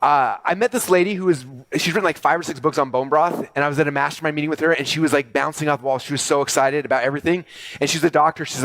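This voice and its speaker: A middle-aged man giving an animated business talk to an audience, talking quickly and excitedly with many fillers and restarts. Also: a little high, no echo. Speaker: speaker presenting to an audience.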